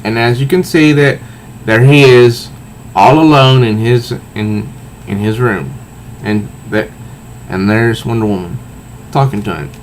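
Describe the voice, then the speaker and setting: A man casually reviewing a comic book and reading its panels aloud, halting often and restarting his sentences. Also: medium pitch, a little hiss or hum. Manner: halting, with frequent restarts and fillers.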